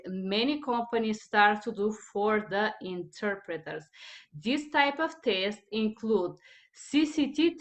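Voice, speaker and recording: Eastern European woman, measured delivery. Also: medium pitch, fairly bright tone. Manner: careful, deliberate, with small grammar slips and restarts. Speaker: interpreter and channel host. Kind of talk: casual video introduction.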